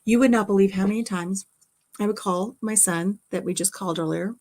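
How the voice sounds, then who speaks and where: A woman's voice: mid-range voice, fairly quick, darkish tone. A middle-aged woman hosting a casual livestream from her craft room at home, rambling and chatting as she reads viewer comments aloud. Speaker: livestream host.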